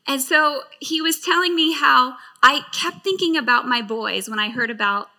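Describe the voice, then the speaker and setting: High, bright-voiced woman pastor in her late thirties. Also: normal speed. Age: late 30s. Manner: earnest, heartfelt storytelling. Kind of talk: sermon testimony.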